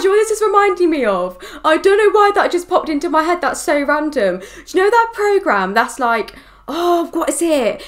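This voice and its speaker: A woman hosting a reaction video, chatting casually and rambling with lots of "like". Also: high voice. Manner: chatty, rambling, full of "like" and "do you know what".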